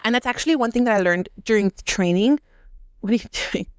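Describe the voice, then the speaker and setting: Young woman telling a story on a podcast, smooth clear voice, dry close sound, lots of "like". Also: fairly high pitch, brisk, dry recording. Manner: animated, acts out quotes, heavy use of "like". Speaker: podcast co-host; restaurant manager. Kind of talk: casual storytelling chat.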